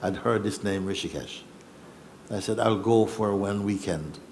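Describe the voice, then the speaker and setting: A man giving a spiritual talk, telling a personal story in an unhurried, reflective way with soft laughs and hesitations. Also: on the low side, slight background noise. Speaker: spiritual teacher. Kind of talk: satsang storytelling. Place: satsang gathering in Rishikesh.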